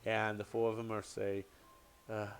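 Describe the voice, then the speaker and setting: A man's voice: medium pitch, faint music behind. Hesitant male game master. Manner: halting, with many ums and restarts. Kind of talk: narrating a tabletop game.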